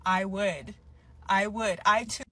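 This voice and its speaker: A woman in a casual confessional video, gushing in an animated, playful way with long drawn-out exclamations. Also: mid-range voice. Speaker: woman in a reacted-to clip.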